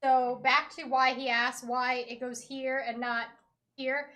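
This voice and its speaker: High-voiced woman explaining hospital care. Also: flat delivery, takes it slowly, sharp tone. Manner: patient, explanatory, uses medical terms. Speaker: guest explaining hospital procedures. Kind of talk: casual chat.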